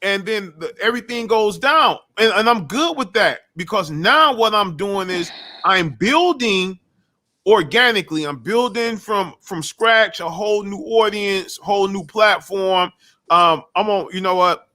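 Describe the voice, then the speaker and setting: A high-pitched man with a bright, forceful voice, chatting casually as a guest. He talks emphatically and keeps circling back with profane restarts. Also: animated, a little slow. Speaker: guest YouTube creator. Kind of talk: casual chat.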